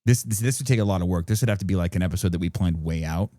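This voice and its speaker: Man, podcast co-host, casual chat, rambling, mellow dark tone, dry sound. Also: low-pitched, racing, dry recording. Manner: rambling, explains at length with many fillers. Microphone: studio podcast microphone.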